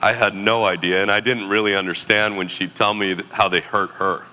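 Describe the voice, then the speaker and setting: A man in his forties telling a story in a casual, animated, slangy way. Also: lowish voice, brisk, in a large hall. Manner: animated, slangy, laughs often.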